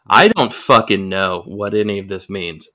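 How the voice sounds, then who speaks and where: A man with a slightly low, bright, forward voice chats casually on a podcast. He stops and restarts often and reads things aloud flatly. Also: moderate pace. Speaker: podcast co-host. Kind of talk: casual chat.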